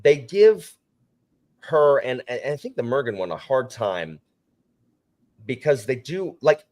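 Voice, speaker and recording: A man hosting a casual book discussion, talking in an animated, rambling way with frequent restarts. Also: medium pitch, slow pace. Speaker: podcast host and teacher.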